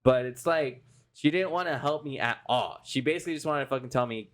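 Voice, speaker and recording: A man's voice: mid-range voice, brisk. A man co-hosting a casual podcast, telling a heated story full of swearing. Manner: heated, profane ranting storyteller. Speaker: podcast co-host. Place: indoors, podcast recording.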